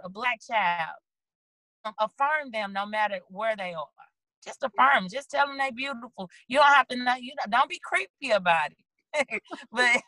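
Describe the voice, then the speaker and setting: Bright, earnest woman from St. Louis. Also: on the high side, dry recording, rough recording. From St. Louis, USA. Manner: earnest, rambling, animated storyteller. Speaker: guest author. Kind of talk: casual interview over video call. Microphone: video call.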